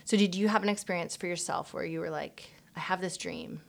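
Woman host of a faith podcast, slightly low voice, affirming and conversational. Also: a little fast, vocal fry. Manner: warm, affirming, frequent "um" and "mm-hmm". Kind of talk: faith-based casual chat.

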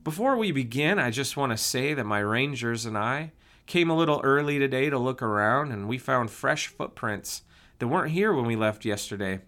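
A man voicing a folksy male ranger leader who shouts to a search party in an audiobook. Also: animated, moderate pace, close to an everyday voice. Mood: rousing. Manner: booming, folksy.

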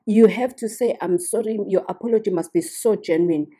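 A woman's voice: mid-range voice, fairly quick, warm tone, breathy edge. A woman hosting a podcast, giving earnest advice in a casual monologue and often checking in with the listener. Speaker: podcast host.

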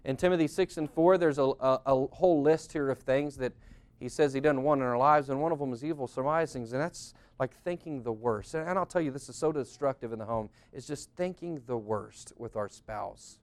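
A middle-aged pastor with a medium-pitched voice speaks fairly quickly, delivering a conversational sermon about marriage. He is earnest and plain-spoken and often acts out what spouses say.

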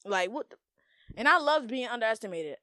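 A woman's voice: a little high, expressive, a little fast, pushed and bright, no echo, clean studio sound. Blunt, profane young woman podcaster. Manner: blunt, profane, emphatic, slangy. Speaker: podcast host. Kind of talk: casual monologue.

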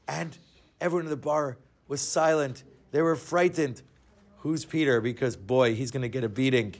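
A man telling a comic story in a dramatic way, dropping to a hush for suspense. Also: medium pitch, normal speed. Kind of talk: told joke story.

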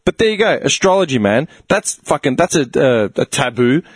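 A man's voice: medium pitch, big pitch swings, a little fast, breathy edge, dry recording. A man hosting a podcast in casual, blunt, sweary chat.

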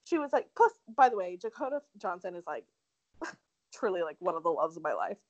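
A woman's voice: lowish voice, very animated, a little fast, no room sound, dull audio. A young woman casually chatting as a podcast co-host, telling a story with lots of "like" and acting out quotes. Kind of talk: casual chat.

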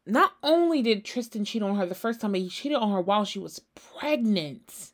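A woman's voice: medium pitch, normal speed, a little mellow. Sassy lady hosting her own gossip podcast, blunt, cusses a lot, talks right at whoever she's roasting. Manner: sassy, blunt, talks straight at the person discussed; swears freely. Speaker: podcast host. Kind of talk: casual solo celebrity gossip chat.

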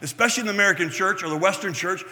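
A man preaching a sermon in a high, bright voice, talking with his congregation more than at them. He checks in with "right?" and drops in playful asides about himself, and his words ring out with a long hall reverb. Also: very fast. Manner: conversational, asks the room "right?" often; self-deprecating asides. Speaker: pastor.

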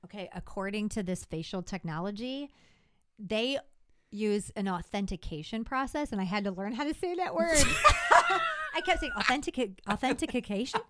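A woman's voice: medium pitch, normal speed, slight background noise. A woman in her thirties co-hosting a podcast in casual chat, telling stories animatedly and acting out quotes. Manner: animated storyteller, acts out quotes with big inflection. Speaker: podcast co-host.

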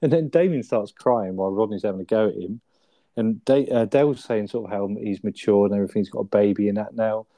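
A man's voice: lowish voice, quick pace, dark tone, no echo. A man in casual chat, retelling sitcom scenes with frequent laughter and swearing. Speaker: podcast co-host.

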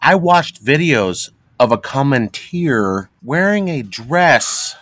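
A man's voice: medium pitch, sing-song, slow pace, a bit bright. A man co-hosting a podcast, telling rambling, crude stories in casual chat. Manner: rambling storyteller, profane and joking. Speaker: podcast co-host.

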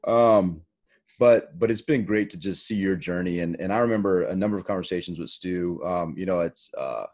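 A man's voice: low-pitched, normal speed, a little mellow. A middle-aged man co-hosting a podcast, talking in a rambling, joking way with many restarts. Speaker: podcast co-host. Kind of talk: casual interview chat.

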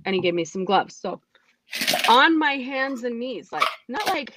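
A woman telling her personal testimony in a casual, animated way, acting out what she said back then. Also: on the high side, a little slow, low-quality recording. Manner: animated, acts out her own past remarks. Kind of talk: casual storytelling.

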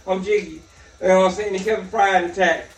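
A man co-hosting a podcast in casual chat, loud and laughing through crude banter. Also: sits high, little pitch movement, fast talker. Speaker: podcast co-host. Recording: echoey room from far off.

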